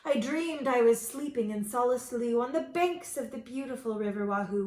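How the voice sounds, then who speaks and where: A woman reading a rhyming picture book aloud with expressive, sing-song storytelling. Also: on the high side, normal speed, hardly any pauses, echoey room.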